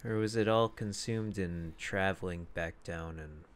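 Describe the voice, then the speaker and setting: A man's voice: low voice, a little slow. A young man co-hosting a podcast, chatting casually and rambling with frequent laughs into a foam-covered mic. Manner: laid-back, rambling, laughs often. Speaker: podcast co-host. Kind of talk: casual chat. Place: home podcast setup. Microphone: podcast mic with foam windscreen.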